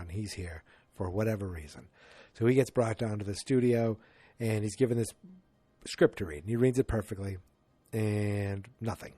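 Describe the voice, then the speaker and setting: A podcast host casually retells a movie plot in a rambling way, acting out quotes from the characters. His voice is fairly low and dark, with no echo.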